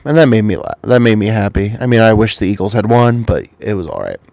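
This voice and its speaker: A man with a fairly low voice tells a meandering, swear-filled story straight to camera from his home. He is getting over a cold, and his voice sounds dry and close, with no room echo. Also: big pitch swings, fast talker, vocal fry, a little mellow. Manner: rambling, profane, offhand. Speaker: vlogger.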